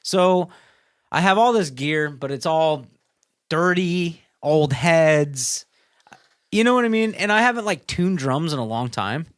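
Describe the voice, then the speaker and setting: Animated high-voiced man telling a story. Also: measured pace. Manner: animated, swears a lot, acts out quotes. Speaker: podcast co-host. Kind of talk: casual storytelling chat.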